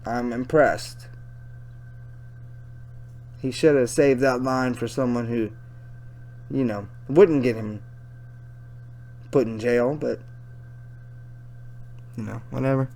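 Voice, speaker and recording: Sarcastic commentator with dry, slow asides. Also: medium pitch, fairly even intonation, a little mellow.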